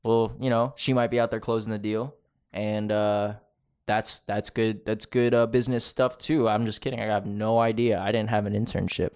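A man's voice: lowish voice, darkish tone. A man co-hosting a podcast in casual banter, joking around, swearing freely and laughing often. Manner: jokey, profane, laughs often. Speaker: podcast co-host.

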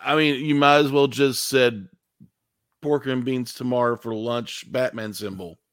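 A man's voice: medium pitch, steady tone, unhurried, fairly bright tone, dry recording, studio quality. A man co-hosting a movie review podcast, making sarcastic wisecracks in casual chat. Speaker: podcast co-host.

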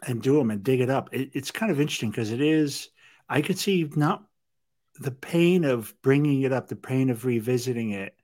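Halting, musing man hosting a podcast. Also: mid-range voice, expressive, darkish tone. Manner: musing, halting, many fillers and self-corrections. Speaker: podcast host. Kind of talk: casual interview conversation.

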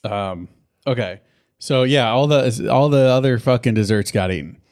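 A man's voice: medium pitch, normal speed, a little mellow. A man co-hosting a casual chat, swearing a lot and laughing often. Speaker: podcast co-host.

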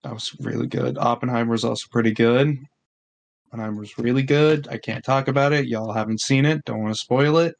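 A young man co-hosting a casual podcast chat. He sounds laid-back and slangy, with a mid-range voice and some remarks drawn out slowly. He speaks easily among friends. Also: medium pitch, steady tone, vocal fry. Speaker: podcast co-host.

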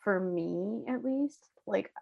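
Woman with a gravelly voice, dull dry sound. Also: medium pitch, slow. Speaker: podcast co-host. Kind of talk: casual chat.

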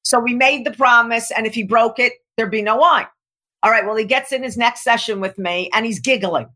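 Bright, emphatic woman coaching. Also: a little high, a little fast. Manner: emphatic, animated storytelling with acted-out quotes. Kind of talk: coaching talk to an interviewer.

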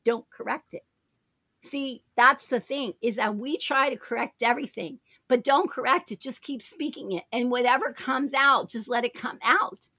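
A woman's voice: on the high side, normal speed, pushed and bright, dry recording. A woman hosting a Christian talk show, speaking in an emphatic, preacherly way and repeating her phrases. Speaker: show host.

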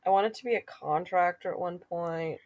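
A woman's voice: fairly low pitch, normal speed, darkish tone, muffled recording. A young woman co-hosting a casual chat with a friend, playful and self-mocking, laughing often as she talks. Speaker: co-host.

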